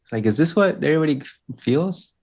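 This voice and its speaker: A man's voice: a little high, lively intonation, fast talker, a little mellow. A man on a live stream, casually chatting and asking curious follow-up questions.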